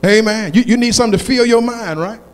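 A male pastor preaching a sermon with call-and-response, building to shouted climaxes. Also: high voice, fast, big-room sound.

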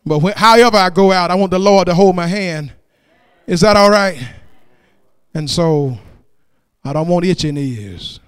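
Man, pastor, sermon, very high voice, slow, chanting call-and-response, loud and hushed turns, church. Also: clear, resonant tone, no echo, studio quality. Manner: shifts between loud exclamation and hushed tones.

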